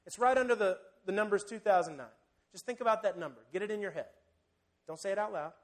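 A man preaching a sermon in a conversational, animated way, speaking directly to his listeners. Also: high voice, quick pace.

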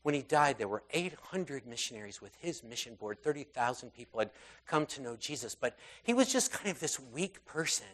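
A man delivering a sermon as loose, conversational storytelling. His voice sits at an ordinary middle pitch, and he talks casually with fillers and restarts. He often slips into quoting the people in his stories. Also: very animated, fairly quick, a bit bright.

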